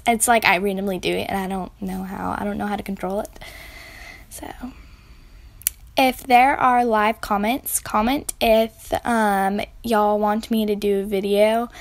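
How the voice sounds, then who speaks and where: Giggling and chatting while she bakes, a woman films a casual vlog tutorial in her home kitchen. She's a baking vlogger with a slightly high, a bit bright voice, captured in a dry recording.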